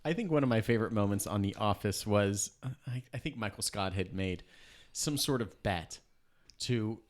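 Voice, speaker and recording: Rambling, low-voiced man on a podcast. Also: normal speed. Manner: rambling, self-correcting storyteller. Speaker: podcast co-host. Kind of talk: casual chat.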